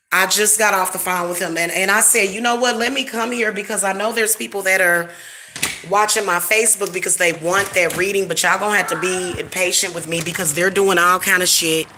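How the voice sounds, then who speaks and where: A middle-aged woman venting in a casual, profane, emphatic rant, her voice bright and sharp-edged. She sounds irritated as she talks straight to her followers. The room is echoey, with a faint hiss underneath. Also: mid-range voice. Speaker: spiritual reader and channel host. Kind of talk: casual ranting monologue.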